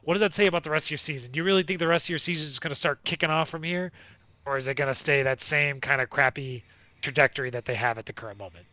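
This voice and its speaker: A man's voice: a little high, steady tone, very fast, pushed and bright, no echo. A man co-hosting a casual sports podcast, rambling with lots of fillers and restarts. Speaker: podcast co-host.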